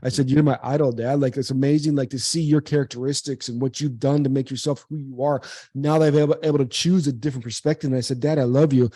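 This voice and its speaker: Guy in his 40s telling his story for real, kinda dark mellow voice, dry sound. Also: medium pitch, fairly even intonation, quick pace, dry recording. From United States. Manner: earnest, repeats words, acts out quoted dialogue. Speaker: guest, former pro baseball player and speaker. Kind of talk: emotional personal storytelling in an interview.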